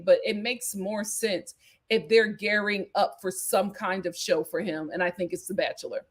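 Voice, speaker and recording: A woman hosting a live reality TV recap, chatting in an animated, gossipy way. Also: medium pitch, moderate pace. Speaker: host.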